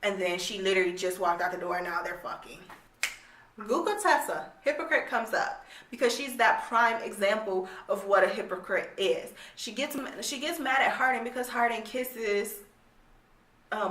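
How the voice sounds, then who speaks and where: A woman's voice: mid-range voice, fairly bright tone. Young woman, casual rant review, blunt and exasperated, swears, echoey room, distant mic. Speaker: book reviewer.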